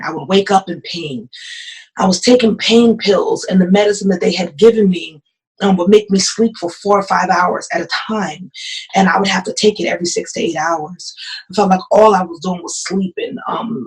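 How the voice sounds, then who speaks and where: A woman's voice: medium pitch, moderate pace, poor audio. A woman pastor telling her own story as a podcast guest, earnest and emotional, often repeating phrases. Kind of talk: personal testimony in an interview.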